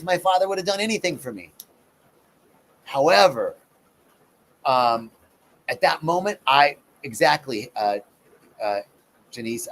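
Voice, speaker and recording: Middle-aged guy talking spiritual stuff live, kinda higher voice, little hiss behind him. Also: a bit bright. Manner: conversational teacher, acts out voices in his stories. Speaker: spiritual practitioner. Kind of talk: live-streamed talk on personal growth.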